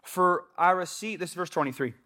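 A man's voice: high-pitched, brisk, bright, forceful tone. A young adult man preaching a casual, conversational sermon in a church, breaking into quoted asides. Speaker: pastor. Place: church sanctuary.

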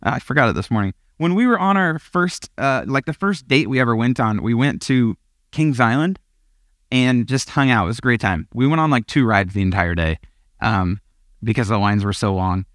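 A man's voice: medium pitch, lively intonation, normal speed, fairly bright tone, no echo, studio quality. A young man giving a casual sermon as a pastor, chatty and self-deprecating, laughing often and wandering off on tangents.

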